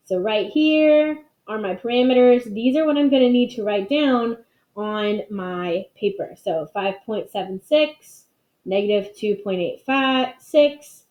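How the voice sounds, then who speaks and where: A woman's voice: mid-range voice, warm tone. Woman teaching math in an echoey room. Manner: clear, explanatory, conversational. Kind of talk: screen-recorded math lesson. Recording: echoey, dull lo-fi sound.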